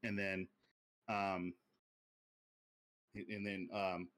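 A young man casually chatting on a podcast, pitching a movie sequel in a rambling way full of fillers. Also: level tone, extremely slow. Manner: rambling storytelling with many fillers, drops low and quiet for quoted lines. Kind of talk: casual chat.

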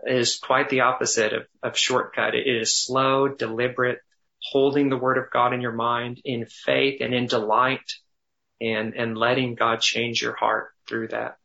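A man teaching thoughtfully in conversation, often pausing, restarting and slowing down to dwell on phrases. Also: medium pitch, flat delivery, creaky, sharp tone, dull audio. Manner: thoughtful, halting with restarts, slows to savor phrases. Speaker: guest teacher on biblical counseling.

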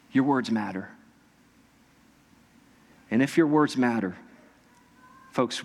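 A male pastor preaching a sermon. He shifts between casual storytelling, bursts of loud excited emphasis, and slow, repeated exhortations. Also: medium pitch. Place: church sanctuary. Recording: long reverb from a church hall.

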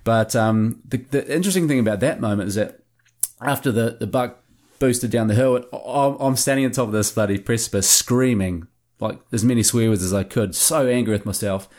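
A man, a hunting show producer telling lively hunting stories in a casual interview. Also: mid-range voice, fairly quick. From New Zealand. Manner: animated anecdotes with acted-out quotes.

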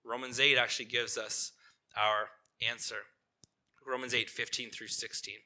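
A man's voice: medium pitch, flat delivery, normal speed, bright, forceful tone. A man preaching a sermon as lead pastor in a church. He talks conversationally, keeps asking the congregation questions and checking in with "right?", and turns tender and earnest on painful points.

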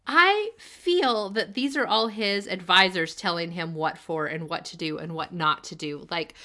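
A woman's voice: medium pitch, bright, forceful tone. A woman co-hosting a casual book-discussion podcast, musing through recaps. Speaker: podcast co-host.

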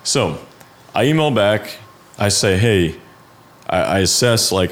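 A man's voice: on the low side, animated, slow, long pauses, fairly bright tone. A young man, a freelance designer, talking casually in a conversation, rambling and laid-back with lots of fillers and side trails.

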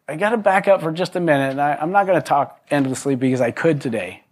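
A man's voice: fairly high pitch, lively intonation, fast, a little mellow. Chuckling man preaching a casual sermon. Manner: joking asides, chuckles, frequent restarts. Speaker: pastor. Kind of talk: conversational sermon.

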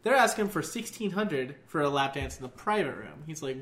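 Bright-voiced young man telling a story. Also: a little high, brisk. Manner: profane, laughs often, animated. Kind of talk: casual storytelling.

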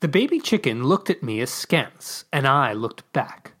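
Lively breathy-voiced storyteller. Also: mid-range voice, a little slow. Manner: playful, wry deadpan narration. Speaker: podcast co-host reading a story. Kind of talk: scripted storytelling narration. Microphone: podcast microphone.

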